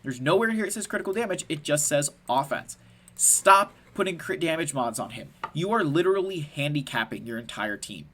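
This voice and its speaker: Emphatic man, slightly husky voice. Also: fairly high pitch, fairly quick. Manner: passionate, emphatic, keeps adding "right?"; animated, laughs at himself. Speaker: gaming content creator. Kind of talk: casual explainer commentary.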